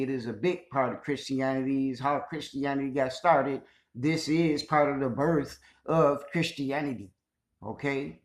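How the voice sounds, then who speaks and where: Emphatic man talking in an echoey room. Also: medium pitch. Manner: emphatic, with repeated "you know what I'm saying". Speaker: host addressing listeners. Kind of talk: casual spoken monologue.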